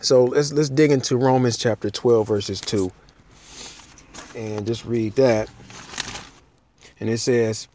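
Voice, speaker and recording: A man's voice: medium pitch, fairly even intonation, slow pace, long pauses, warm tone, a little hiss or hum. A man giving an informal Bible teaching, talking it through with frequent restarts and reading King James verses aloud. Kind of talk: informal sermon with scripture reading.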